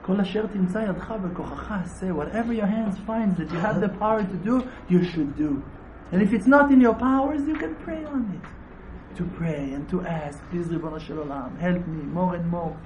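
A man's voice: high-pitched, a little fast, few pauses, noisy background. A man giving a Torah sermon as a rabbi, emphatic and repetitive, with laughing asides. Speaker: rabbi teaching.

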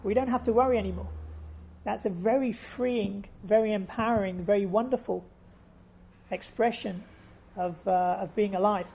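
A woman's voice: mid-range voice, steady tone, normal speed, creaky, dark tone, breathy edge, dull audio. A woman giving an earnest faith lesson, telling stories and repeating phrases for emphasis. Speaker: religious teacher.

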